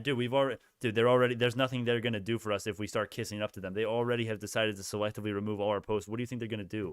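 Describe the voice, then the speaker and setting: A man's voice: lowish voice, steady tone, very fast, hardly any pauses, clear, resonant tone, no echo, studio quality. A young man hosting a casual stock livestream, ranting heatedly at his chat with many restarts.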